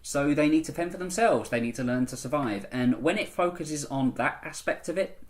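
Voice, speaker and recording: A man's voice: fairly high pitch, animated, a little fast. A man in a casual vlog, ranting and reviewing a film in a chatty, rambling way with frequent ums.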